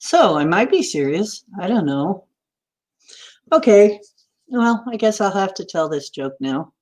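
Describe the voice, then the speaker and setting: A woman's voice: medium pitch, sing-song, measured pace, a little mellow. A woman hosting a casual chat, rambling and giggling between puns and jokes.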